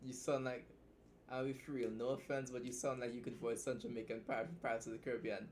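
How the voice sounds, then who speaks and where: A man's voice: medium pitch, level tone, a little hiss or hum. Blunt, joking Trinidadian man streaming. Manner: blunt, joking, swears freely, fast asides. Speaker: livestream host and writer. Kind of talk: casual livestream chat, reacting and reading a story aloud.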